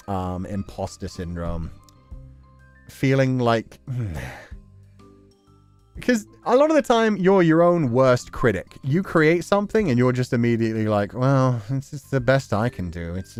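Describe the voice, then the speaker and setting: A man with a mid-range, slightly mellow voice hosts a livestream, reading viewer messages in loose, casual chat. He fills his speech with fillers and keeps laughing.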